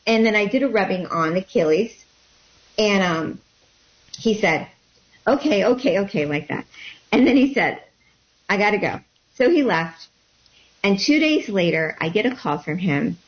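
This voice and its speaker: Woman telling an animated personal story. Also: mid-range voice, a little slow, long pauses. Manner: animated storytelling, acting out quotes. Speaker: guest. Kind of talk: storytelling in an interview. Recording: dull lo-fi sound.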